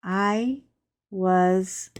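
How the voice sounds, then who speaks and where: A woman hosting a crafting channel, chatting casually and telling animated anecdotes with frank asides while she works. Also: mid-range voice, very slow.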